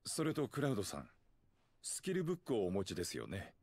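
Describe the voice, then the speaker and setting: A man's voice: fairly low pitch, huge pitch swings, racing, a little mellow, no echo, exaggerated voice. An actor playing a polite, helpful male innkeeper in a game dub, speaking formally and deferentially. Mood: courteous. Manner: formal, deferential hospitality speech. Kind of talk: Japanese game dub acting.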